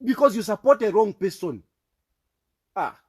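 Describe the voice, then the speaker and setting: A man's voice: high-pitched, sing-song, moderate pace, darkish tone, breathy edge. A man with a Zambian accent delivering an impassioned, repetitive political rant, accusing and fervent. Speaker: political commentator.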